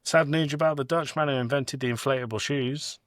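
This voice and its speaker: A British man co-hosting a podcast, telling jokes in a casual, deadpan way and doing quick voices for the punchlines. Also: mid-range voice, dry recording, clean studio sound. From Britain. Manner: deadpan joke delivery with acted punchline voices. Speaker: podcast co-host. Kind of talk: casual comedic chat.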